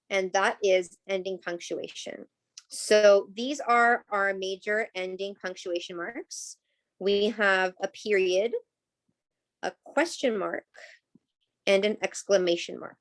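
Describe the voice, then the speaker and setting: A woman teaches a live online class over a video call. She explains things patiently, at a middle pitch, and keeps checking in with "right?" and "okay?".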